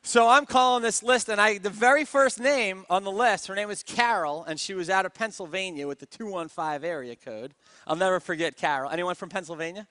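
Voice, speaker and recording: A man, a network marketing speaker, telling his story in a lively motivational talk and often asking the audience questions. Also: high voice, moderate pace, dry recording, studio quality. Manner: energetic storyteller who keeps asking the crowd.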